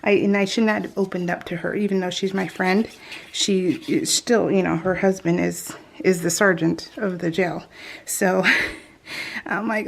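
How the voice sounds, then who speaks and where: A woman's voice: mid-range voice, steady tone, moderate pace, creaky, slight background noise. A middle-aged woman telling a family story over a crafting video, chatty and laughing often, with many restarts. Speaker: scrapbooking vlogger.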